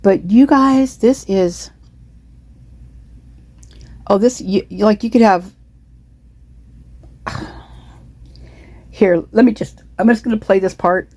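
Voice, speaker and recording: A woman's voice: mid-range voice, slow pace, pauses often, darkish tone, no echo. A woman with the hiccups giving casual true-crime commentary, indignant and rambling, full of restarts and repeated words. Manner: indignant, repetitive, many restarts and asides. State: has the hiccups.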